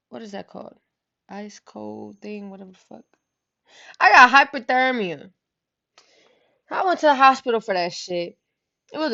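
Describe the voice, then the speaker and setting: A woman with a mid-range voice tells a story in loose, rambling talk, heavy on slang and curse words. She keeps checking in with the listener as she goes. The recording is slightly muffled and lo-fi. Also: mid-range voice. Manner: slangy, profane, repeats "you know what I'm saying".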